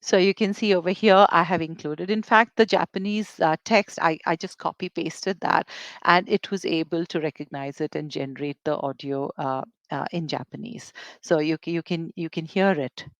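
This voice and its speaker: An eLearning presenter giving a software demo webinar, talking in a hesitant way with many fillers and restarts. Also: mid-range voice, normal speed, dry recording.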